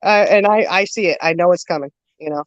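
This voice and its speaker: A woman's voice: on the low side, no room sound. A woman hosting a casual chat, telling a long story with lots of fillers and laughter. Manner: lively, laughing, drawn-out storyteller with many fillers. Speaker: host. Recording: dull lo-fi dry sound.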